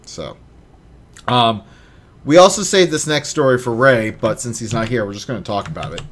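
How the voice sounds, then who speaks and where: A man in his thirties hosting a casual podcast chat, jokey and animated, swinging between loud bursts and mumbles. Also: medium pitch, normal speed. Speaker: podcast host.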